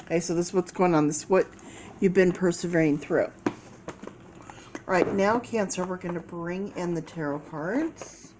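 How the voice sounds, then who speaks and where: A woman's voice: on the low side, noisy background. A woman giving a chatty, casual tarot reading to her viewers. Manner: slow, chatty, talking to viewers. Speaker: tarot reader.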